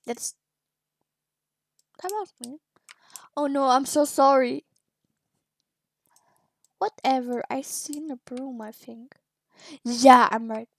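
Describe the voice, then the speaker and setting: A woman giving excitable, giggly gameplay commentary while playing a video game. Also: high-pitched, no echo. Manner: excitable and giggly, quick reactions. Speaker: gamer.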